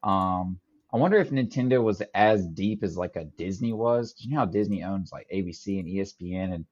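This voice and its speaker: A man's voice: deep voice, brisk, darkish tone, lo-fi sound. A man co-hosting a casual podcast chat, easygoing and hesitant, with many ums and restarts. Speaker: podcast co-host.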